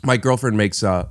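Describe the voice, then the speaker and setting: A man's voice: on the low side, no room sound, studio quality. A man hosting a podcast in casual chat, rambling and restarting his sentences with lots of fillers. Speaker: podcast host.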